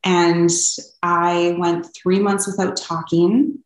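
Her voice sits on the low side, slow and level, and the audio has its highs cut off with slight background noise in an echoey room. She's a young Canadian woman telling her personal story as an interview guest, earnestly and openly, dropping frequent ums.

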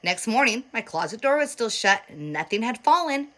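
Bright-voiced young woman telling stories. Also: on the high side, normal speed. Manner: animated storytelling with acted quotes. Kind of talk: casual chat.

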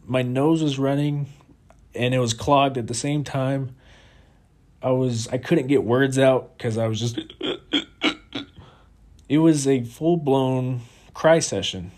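A man's voice: mid-range voice, a little slow, a little mellow. A man speaking in a candid personal monologue about his own experience. He is reflective and confessional, restarts his sentences often, and swears casually. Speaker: vlogger.

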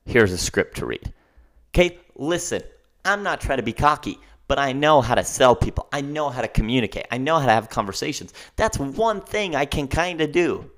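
Male podcast host, solo rant, emphatic and heated, mid-pitched voice. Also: a bit bright. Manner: emphatic, ranting, keeps asking "okay?".

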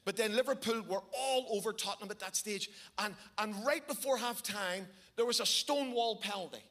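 Man, Belfast accent, middle-aged, preaching, high voice, animated storytelling. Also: fairly quick. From Northern Ireland. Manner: animated storyteller, varies pace for emphasis. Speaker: pastor. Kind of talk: sermon with storytelling.

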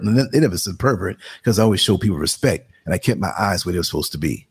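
A man in his sixties with a New York accent hosts a live stream in a relaxed, chatty way. His voice is gravelly, with a husky edge. He tells stories with animation, pitching up when he acts out what other people said. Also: fast, few pauses. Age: 60s. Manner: animated storyteller, acts out quotes in a higher voice, laughs often. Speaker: live show host. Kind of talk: casual live-stream chat.

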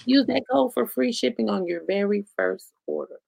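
A woman's voice: mid-range voice, moderate pace, gravelly, darkish tone, no room sound. A woman co-hosting a podcast in loose, blunt casual chat, swearing freely and laughing often. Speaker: podcast co-host.

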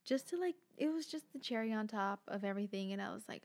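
A woman's voice: medium pitch, very animated, a little fast, few pauses. A young woman hosting a podcast from home at night, talking in a casual, rambling way, swearing often and leaning on "like" as filler. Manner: frank, swears often, heavy use of "like". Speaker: podcast host.

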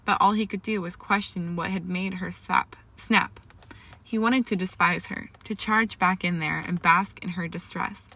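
A woman reads a fan fiction story aloud as narrator, audiobook-style, in a low-leaning, sharp voice at normal speed with fairly even intonation. She raises the emotion when reading dialogue and makes occasional small slips and restarts.

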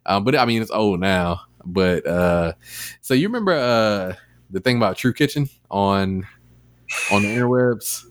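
A man with a lowish voice hosts a casual podcast, wandering through a story with plenty of ums and likes. The sound is dry and close, with no room around it. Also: unhurried, no room sound. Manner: rambling with many fillers, animated retelling. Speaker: podcast host. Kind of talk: casual chat.

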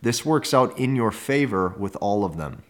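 Low-voiced guy host, bossy instructive dating-coach commentary. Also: lively intonation, normal speed. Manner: assertive, instructive. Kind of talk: podcast commentary.

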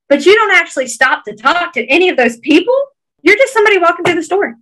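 A woman's voice: sits high, expressive, fast talker, pushed and bright, poor audio. A woman with a Georgia Southern accent, earnestly encouraging listeners in a casual podcast chat.

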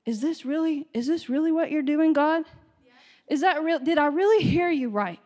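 A woman delivers a sermon in a high voice, climbing from steady teaching to impassioned shouting. The words ring out with a long reverb that fills the hall. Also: moderate pace. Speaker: preacher.

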